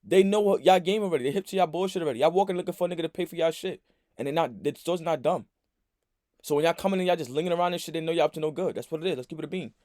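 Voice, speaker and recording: A man's voice: a little high, racing, darkish tone, no room sound, clean studio sound. A man hosting a casual podcast chat, blunt and lecturing, in heavy slang. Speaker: host.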